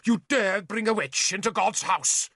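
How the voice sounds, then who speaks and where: A man's voice: mid-range voice, animated, moderate pace, fairly bright tone, no room sound, studio quality. A man voicing a pompous, greedy male bishop who wails and shrieks melodramatically, in an audiobook. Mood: outraged. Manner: melodramatic wailing, shrieking pleas. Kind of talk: audiobook character voice.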